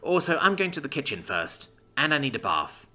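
Male narrator doing a tired, sarcastic young woman, bright and lively. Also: medium pitch, a little fast, soft background music, pitched above the performer's own voice. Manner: dry and sarcastic.

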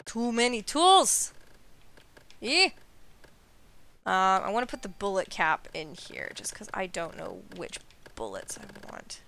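A woman's voice: lowish voice, very animated, moderate pace, vocal fry, sharp tone, a little hiss or hum. A young adult woman streaming a horror game live, chatting casually with frequent swearing and laughter. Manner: swears a lot, laughs often.

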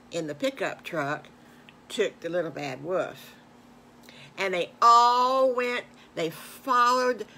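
An older woman, a grandmother, making up a bedtime story as she goes in a homespun, meandering way, growing animated at its emotional moments. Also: medium pitch, slight background noise.

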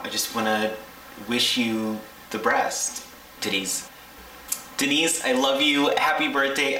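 Very deep, unhurried woman, bright tone, crude joker, roomy distant mic. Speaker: vlogger sending a birthday message. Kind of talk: crude joking birthday message. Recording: echoey room, far from mic.

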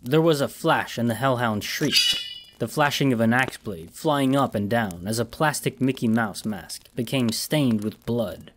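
Male horror narrator, steady and measured, medium pitch. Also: slight background noise.

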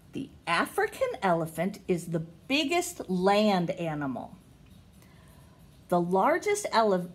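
A middle-aged woman teacher, reading picture books aloud to young children in a slow, sing-song way. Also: slightly rough. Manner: slow, sing-song, with big pitch swings on questions.

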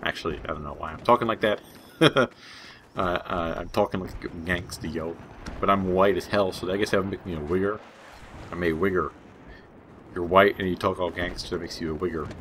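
Young guy, low voice, chatty gaming host who wanders off topic and chuckles at his own jokes. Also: a little fast, fairly bright tone, a little hiss or hum. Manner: rambling and jokey, laughs at his own asides. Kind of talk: casual gameplay commentary.

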